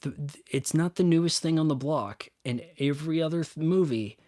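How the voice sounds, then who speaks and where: A man's voice: on the high side, normal speed, mellow, no echo, clean studio sound. A man hosting a casual solo chat, rambling and stop-start with sarcastic asides. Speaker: youtube host. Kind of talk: casual solo chat answering viewer questions.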